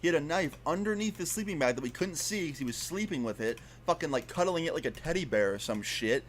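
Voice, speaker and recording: A man's voice: a little high, fast, a little hiss or hum. Young man telling a wild story. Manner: swearing, filler-heavy, animated retelling. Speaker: storyteller in a played video. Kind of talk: casual spoken storytelling.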